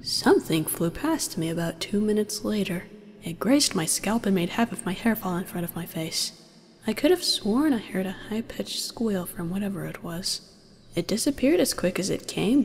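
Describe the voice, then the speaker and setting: A woman's voice: mid-range voice, expressive, normal speed, slightly rough. Woman reading a wry fan story. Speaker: fan fiction reader. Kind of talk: first-person audio fic narration. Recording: long reverb with faint music.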